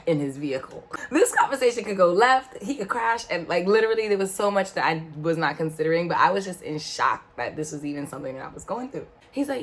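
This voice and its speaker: A woman telling a story in a casual, animated way, with slangy asides and sudden exclamations. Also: on the low side, fairly quick, few pauses. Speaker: vlogger. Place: indoor room in front of a backdrop.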